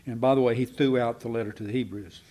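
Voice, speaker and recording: A man giving a folksy, digressive Bible teaching to a congregation, slowing down to stress key words. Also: mid-range voice, steady tone, mellow. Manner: folksy and digressive, slows down for emphasis. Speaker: preacher.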